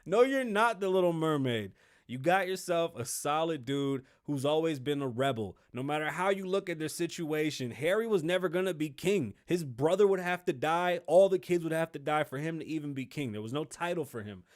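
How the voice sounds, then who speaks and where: Casting note: a brash male host, higher voice, rambling and profane. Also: brisk, hardly any pauses. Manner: brash, rambling, heavy swearing. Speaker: show host. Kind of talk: profane comedic commentary.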